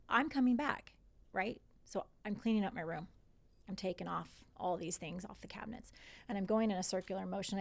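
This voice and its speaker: A woman in her forties, speaking in a creaky mid-range voice, is a guest on a podcast. She animatedly retells what happened to her in casual conversation, quoting others and swearing.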